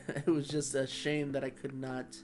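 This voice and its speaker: A man chatting casually over his gameplay, rambling and easygoing with many pauses. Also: mid-range voice, little pitch movement, over music. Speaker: gaming vlogger.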